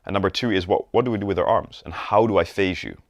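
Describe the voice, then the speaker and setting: In a conversational sales video lesson, the coach keeps checking in with viewers while showing gestures and postures. He speaks fast in a low voice. There's no room sound.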